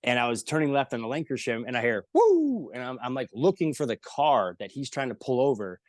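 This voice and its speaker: A comedian telling animated, jokey stories in an interview, acting out the people he quotes and swearing freely. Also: mid-range voice, quick pace, no room sound. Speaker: comedian guest. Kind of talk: casual storytelling in an interview.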